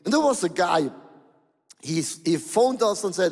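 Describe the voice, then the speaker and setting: A male pastor preaching a sermon in an animated, exclaiming way, with non-native phrasing, in a large church hall. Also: sits high, normal speed. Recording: long hall reverb.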